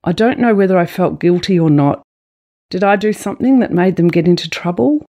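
A middle-aged woman telling a personal memoir in a measured, intimate storytelling manner. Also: deep voice, warm tone. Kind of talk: spoken memoir reading.

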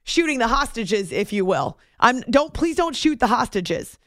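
A woman's voice: fairly high pitch, very animated, normal speed, fairly bright tone, no echo, studio quality. A woman hosting a morning radio show, chatting casually and self-deprecatingly, laughing often.

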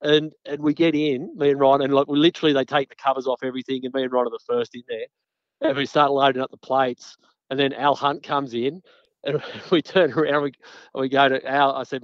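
A man's voice: mid-range voice, little pitch movement, brisk, dry recording. Man telling stories, dull sound. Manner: laid-back storyteller, swears freely. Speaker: guest. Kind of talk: casual anecdote telling.

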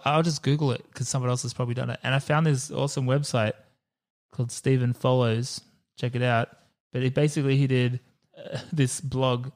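A man co-hosting a relaxed movie podcast. He talks in quick bursts and laughs often. His voice sits at a middling pitch. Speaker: podcast co-host. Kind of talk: casual movie chat.

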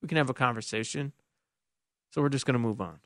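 A man's voice: medium pitch, quick pace, a bit bright, no room sound. A man hosting a sports talk radio show, opinionated and wry, taking callers and reading texts in the studio. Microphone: studio microphone.

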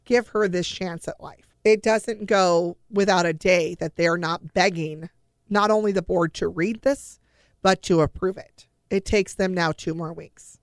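Middle-aged woman, interview guest, low gravelly voice, earnest emotional storytelling. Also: no echo, clean studio sound. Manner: earnest, emotional retelling with quoted dialogue. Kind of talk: personal storytelling.

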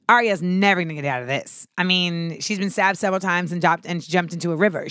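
A woman chatting casually and animatedly, swearing freely and acting out quotes with sudden shouts. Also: fairly low pitch, quick pace, hardly any pauses, clear, resonant tone, no echo, clean studio sound. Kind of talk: casual chat about a TV show.

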